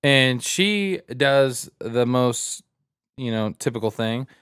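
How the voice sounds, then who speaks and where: A male podcast co-host tells a story in casual chat, animated and profane, speaking slowly in a smooth, medium-pitched voice. The recording is dry, with clean studio sound.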